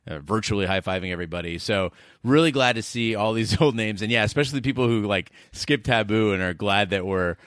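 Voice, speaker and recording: Low-voiced wry podcast co-host. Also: male voice, fast, a bit bright, no echo, clean studio sound. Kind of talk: casual podcast chat.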